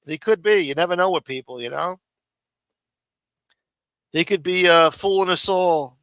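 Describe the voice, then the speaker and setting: A man's voice: sits high, measured pace, fairly bright tone, no room sound. A man hosting a livestream, ranting bluntly and profanely in a lecturing tone. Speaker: livestream host.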